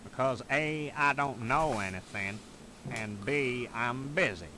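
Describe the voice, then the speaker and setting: A man's voice: medium pitch, takes it slowly, bright, forceful tone, slight background noise. An actor playing a curt, unfriendly man brushing off questions in a 1990s adventure game.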